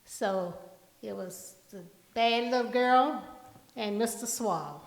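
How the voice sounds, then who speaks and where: An older woman tells stories at a memorial tribute, her pace very slow and deliberate. Her voice is fairly high, and it rings out through a large, echoey hall with a long reverb. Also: slight background noise. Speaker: eulogy speaker.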